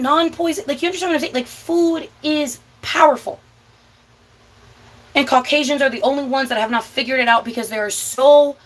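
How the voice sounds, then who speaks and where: A woman's voice: on the high side, low-quality recording. A young woman hosting a cooking vlog, ranting bluntly and with lots of swearing, sometimes stretching her words out for emphasis. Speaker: vlog host. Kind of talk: casual ranting chat while cooking.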